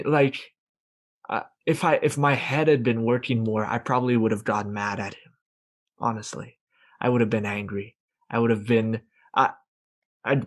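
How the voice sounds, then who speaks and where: Young man, mid-range voice, halting reflective storyteller. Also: medium pitch. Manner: hesitant, many restarts, reflective. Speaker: participant sharing a story. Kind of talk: casual storytelling in a group call.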